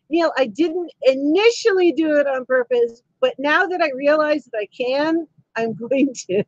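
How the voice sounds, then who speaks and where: Recorded indoors at home on a camera mic, a livestream host with a high-sitting voice reads viewer comments, laughing frequently and chatting cheekily. The audio is dry, with the highs cut off.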